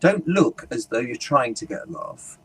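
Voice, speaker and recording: A man from the United Kingdom, a humorist, telling an anecdote in a relaxed interview and slipping into voices for the people he quotes. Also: medium pitch, moderate pace, husky, low-quality recording. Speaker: guest speaker and humorist. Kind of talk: casual storytelling interview.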